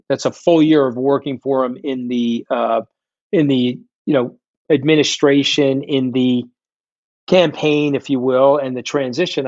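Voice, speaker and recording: A middle-aged man, a guest telling stories in an interview, blunt, combative and quick to swear. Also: mid-range voice, a little mellow, no room sound. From New York. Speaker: guest, fund founder. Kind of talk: candid storytelling interview. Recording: dull, dry lo-fi sound.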